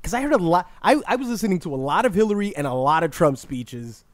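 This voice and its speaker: Un uomo dalla voce piuttosto acuta che scherza in un podcast comico con battute rapide e volgari. Suono asciutto e ravvicinato. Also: male voice, high voice, expressive, no room sound. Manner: quick-witted, laughing, profane. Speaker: podcast co-host. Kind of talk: casual comedic chat.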